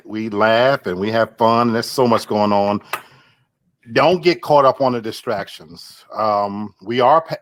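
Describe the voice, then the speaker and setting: A man speaking as a panelist on a casual talk show, in an earnest, measured way. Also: mid-range voice, fairly bright tone.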